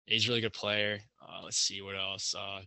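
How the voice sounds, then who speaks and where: A man's voice: deep voice, little pitch movement, moderate pace, creaky, bright, forceful tone, no echo. A young man, a college hockey player, chatting casually on a podcast and rambling with lots of fillers and restarts. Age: young adult.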